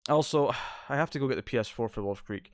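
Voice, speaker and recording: A man's voice: medium pitch, a little fast, no room sound, clean studio sound. A man hosting a casual livestream from his couch at home, rambling and reading out chat messages. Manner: laid-back, rambling, reads chat aloud. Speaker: streamer host. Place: home living room couch. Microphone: distant mic, moves out of frame.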